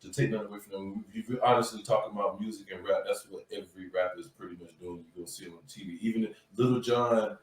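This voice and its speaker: A man's voice: fairly low pitch, fairly even intonation, fast talker, hardly any pauses. Male co-host, emphatic, repeats himself; set back from the mic in a very echoey room. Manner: emphatic, repeats words for effect. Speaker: podcast co-host. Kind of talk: casual panel chat. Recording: roomy echo, distant from the mic.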